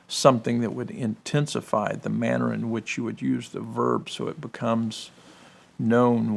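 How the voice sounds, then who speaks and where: A man with a gravelly voice explaining Hebrew and Greek grammar in a discussion, full of "you know" and checking "correct?". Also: mid-range voice. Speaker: guest explaining biblical languages.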